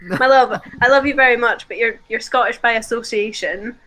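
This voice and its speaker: Female guest, bright voice, playful and affectionate. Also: fairly high pitch, moderate pace, rough recording. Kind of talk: casual chat.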